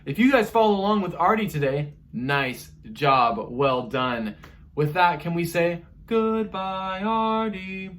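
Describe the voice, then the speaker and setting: A man teaching an online music lesson to young children, encouraging them through vocal warm-ups. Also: on the high side, lively intonation, measured pace, far from the mic.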